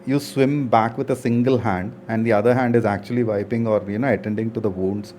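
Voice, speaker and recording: A man in his forties, a gaming streamer, talking earnestly and reflectively to his viewers, often pausing with hesitations. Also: lowish voice, fairly even intonation, a little mellow, slight background noise. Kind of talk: casual talk to viewers.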